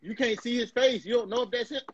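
A man's voice: very high voice, fast talker, slight background noise. A man co-hosting a casual podcast chat, slangy and emphatic. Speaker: podcast co-host. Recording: dull dry lo-fi recording.

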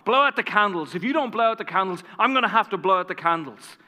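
A male preacher voicing a gruff, blunt man behind a diner counter. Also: high voice, expressive, fast talker, sharp tone, big-room sound, pitched above the performer's own voice, heavily acted. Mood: gruff, coaxing. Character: gruff middle-aged male diner cook.

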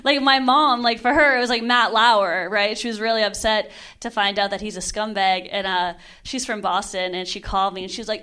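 A young woman in her twenties performing a stand-up comedy set on a club stage, delivering deadpan lines and often laughing at her own jokes. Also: mid-range voice, normal speed.

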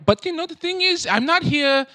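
A man voicing a pompous self-styled gentleman writer who has come to ask for payment, speaking in a theatrical, grandly formal way. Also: very high-pitched, animated, moderate pace, dry recording, full character voice. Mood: wheedling.

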